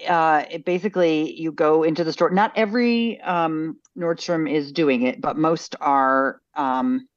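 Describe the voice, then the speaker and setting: A woman's voice: deep voice, a little slow, dry recording. A woman co-hosting a casual style chat show, explaining news items with lots of ums and uhs. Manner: chatty, many fillers. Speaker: co-host sharing news. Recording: dull lo-fi sound.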